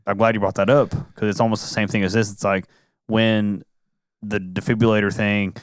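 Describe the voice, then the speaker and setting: A man's voice: lowish voice, level tone, moderate pace, smooth, no echo, studio quality, faint music behind. A man hosting a casual movie-review chat, rambling along with lots of "like" fillers. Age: adult. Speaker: podcast host.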